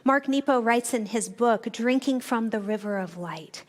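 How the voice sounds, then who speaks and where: A woman minister gives a reflective sermon in a church, her voice sitting high. She tells stories and turns often to speak directly to the congregation. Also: moderate pace. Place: church sanctuary.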